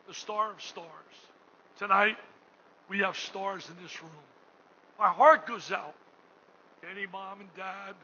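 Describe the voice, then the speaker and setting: An older man giving an emotional fundraising speech as gala host in a hotel ballroom. He booms out some lines and drops to a hush on others. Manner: booming, swings between shouting and hushed tones. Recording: muffled recording with room noise.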